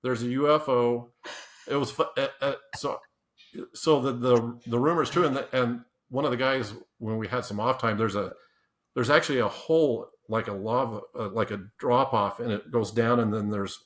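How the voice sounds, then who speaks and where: Casual storytelling from a man on a podcast, interviewed as a guest: medium pitch, ordinary pace, a touch of brightness. The telling rambles with many restarts and laughs, and he acts out what people said.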